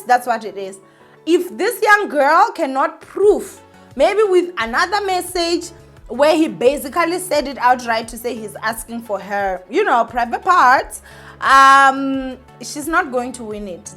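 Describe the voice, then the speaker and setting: A South African woman with a high, fairly bright voice delivers opinionated vlog commentary as an entertainment vlogger. She rants indignantly and speaks directly to her viewers, emphatic, repeating points and using many fillers.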